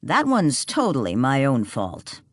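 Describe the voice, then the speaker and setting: A narrator voicing an irritable, bitter man who snaps and answers with sarcasm, slow and animated. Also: medium pitch, dry recording, studio quality. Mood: irritated. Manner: snapping, sarcastic.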